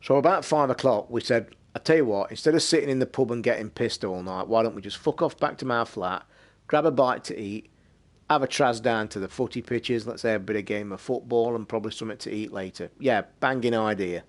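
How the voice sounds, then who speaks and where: A man in his forties spins a long tale from his younger days on a podcast. His voice sits at an ordinary middle pitch, and he talks casually and animatedly, swearing freely as he goes. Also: brisk. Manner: sweary, animated anecdote-telling. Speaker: podcast host. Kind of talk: casual storytelling.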